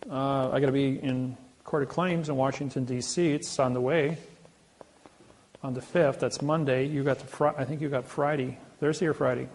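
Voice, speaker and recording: A man's voice: mid-range voice, fairly even intonation, moderate pace, darkish tone, slight background noise. A man telling boastful anecdotes in a rambling, casual way, often restarting his sentences. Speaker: self-described sovereign legal advocate.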